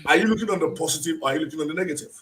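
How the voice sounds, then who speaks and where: A man from Nigeria speaks as a lecturer and guest in a live online interview, with a high, bright, forceful voice. He tells his stories emphatically and acts out the people he quotes. He sits some way back from the microphone, so the sound is distant. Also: racing. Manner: animated, emphatic storytelling with acted-out quotes. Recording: distant from the mic.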